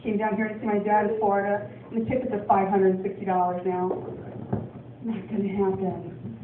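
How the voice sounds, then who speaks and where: A woman's voice: mid-range voice, little pitch movement, a little fast, noisy background. Woman stand-up comic, rambling, ums and laughs, far from the mic, echoey room, thin phone-like sound. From Portland, Oregon. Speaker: stand-up comedian. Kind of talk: stand-up comedy set. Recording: distant, echoey, phone-like club recording.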